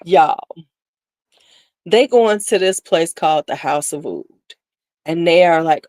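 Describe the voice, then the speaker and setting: A woman's voice: fairly low pitch, measured pace, pauses often, a little mellow, no echo. A woman hosting a casual beauty livestream, chatting candidly and sassily with viewers, laughing often. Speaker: beauty channel host.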